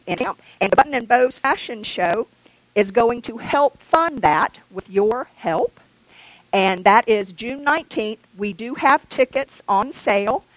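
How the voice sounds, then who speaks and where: Woman, church announcements, chatty and loose, slightly high voice. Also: a bit bright, dry recording, rough recording. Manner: chatty, laughing, loose asides. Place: church sanctuary.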